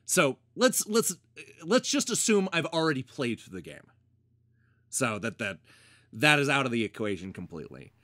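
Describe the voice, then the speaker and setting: A man's voice: medium pitch, big pitch swings, bright, forceful tone, no echo, clean studio sound. A man co-hosting a casual game review chat, reading viewer comments and laughing often. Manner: slow, deliberate delivery with frequent laughter.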